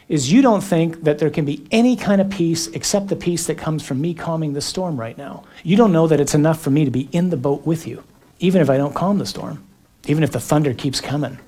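A man preaching a sermon, shifting between quiet reflection and acted-out shouted dialogue, with dramatic pauses. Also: a little high.

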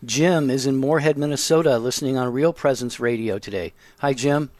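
A man hosting a call-in radio show, introducing callers in a measured, friendly way. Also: mid-range voice, a little mellow.

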